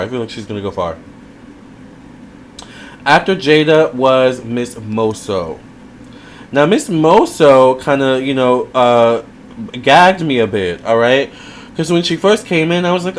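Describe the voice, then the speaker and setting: A man's voice: mid-range voice, slight background noise. A man giving a casual video review, chatty and rambling, with lots of fillers and side remarks. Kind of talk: casual commentary.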